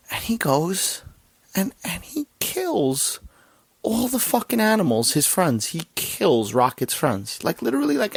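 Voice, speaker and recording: Guy on a podcast ranting about a movie, bit low voice, dry close sound, cusses a ton. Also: dry recording. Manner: excited, emotional, swears a lot. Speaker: podcast host. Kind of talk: casual movie review chat.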